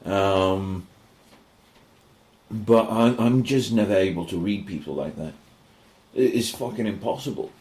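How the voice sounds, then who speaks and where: A man's voice: fairly low pitch, measured pace, long pauses, reverberant. A man co-hosting a podcast, telling a story in casual chat, swearing often and acting out what people said. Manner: animated, swearing, acts out quoted voices. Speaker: podcast co-host.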